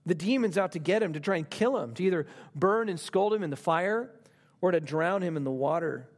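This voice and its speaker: Emphatic man preaching a sermon. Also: animated. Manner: emphatic, repeats phrases for stress; speaks slowly on key lines and rises in pitch for emphasis. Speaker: pastor.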